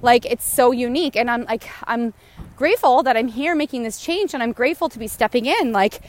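A woman's voice: a little high, brisk. A woman talking casually outdoors while she walks, rambling and frustrated, swearing freely. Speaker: podcast host. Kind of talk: casual spoken monologue. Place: outdoors, walking near a goose.

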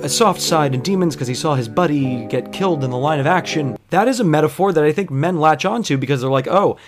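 A man tells a comic story from behind the bar in an exasperated, disbelieving tone, swearing freely. His voice sits a little higher than most men's. He rants with mounting incredulity. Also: expressive, fast, over music. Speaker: bartender.

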